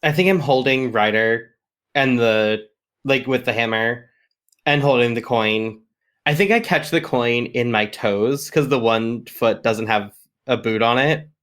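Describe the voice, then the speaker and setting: A man's voice: mid-range voice, measured pace, a bit bright. A man playing a tabletop game, describing his moves in a rambling way full of fillers. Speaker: player. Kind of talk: casual tabletop game chat.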